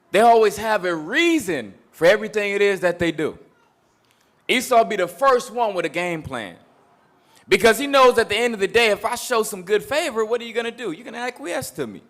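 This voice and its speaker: Emphatic man preaching, high bright voice. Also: animated, normal speed. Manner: emphatic, repetitive, mocking asides. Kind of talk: sermon with scripture and street talk.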